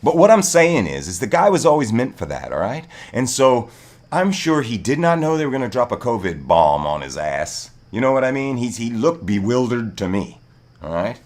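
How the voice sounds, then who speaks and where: A man's voice: medium pitch, sing-song, moderate pace. A man hosting a livestream, ranting heatedly in casual chat and swearing often. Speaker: livestream host. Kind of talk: casual political rant.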